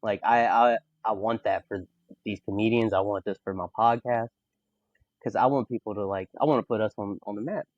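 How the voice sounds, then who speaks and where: A young Southern man with a Mississippi accent, hosting a podcast in relaxed conversation. He talks with emphatic, animated energy and leans on "like" as a filler. The recording is dry and a little dull. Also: on the low side, fairly quick, no room sound. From Mississippi, USA. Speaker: podcast host. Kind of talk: casual podcast chat.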